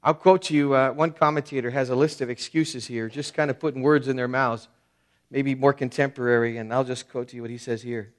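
A man's voice: medium pitch, fairly even intonation, a little fast. A man preaching an expository sermon, emphatic and conversational, with frequent fillers and restarts. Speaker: pastor.

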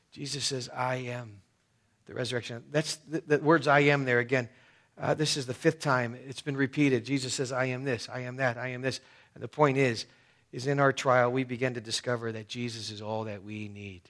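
A man preaching a sermon as a pastor. His voice drops low and hushed, then rises sharply when he stresses a point. He reads scripture aloud and explains it verse by verse. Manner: preaching through scripture, swinging between soft and loud.

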